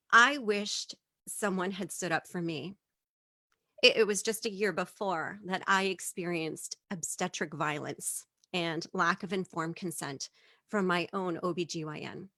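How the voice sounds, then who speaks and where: Woman, middle-aged, stand-up storytelling, animated, bright voice, dry close sound. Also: dry recording. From immigrant living in Japan. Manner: animated, acts out quotes with big pitch jumps.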